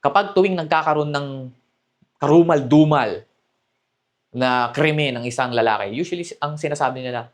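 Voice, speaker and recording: A man's voice: on the high side, a little fast, pauses often. A man with a Filipino accent coaching men on dating, switching between Tagalog and English and often checking in with "okay?". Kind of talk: coaching talk to camera.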